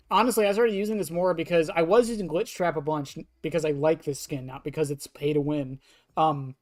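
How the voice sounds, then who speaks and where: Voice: mid-range voice, no echo. A streamer with a cracking voice, laughing often and joking with chat during live gaming commentary.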